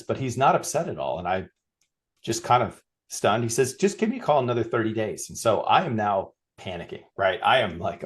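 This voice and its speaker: A middle-aged man, a podcast guest, telling a workplace anecdote in a lively way and acting out the lines of the people in it. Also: lowish voice, moderate pace. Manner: animated anecdote, acts out quoted dialogue. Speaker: guest, customer experience consultant. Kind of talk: storytelling in a podcast interview.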